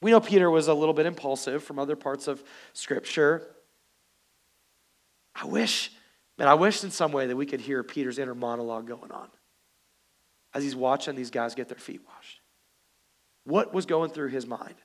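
A male pastor preaching a sermon, animated and joking with the congregation. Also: mid-range voice, normal speed, pauses often.

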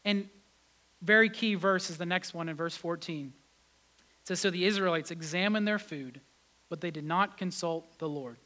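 Man, pastor, sermon, animated delivery, swings between loud emphasis and quiet reflection, high voice. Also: moderate pace. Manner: acts out biblical voices in his telling.

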